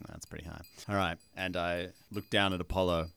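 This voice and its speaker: A man's voice: deep voice, steady tone, fairly quick, vocal fry, noisy background. A man playing a tabletop game, describing his character's actions matter-of-factly. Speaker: player.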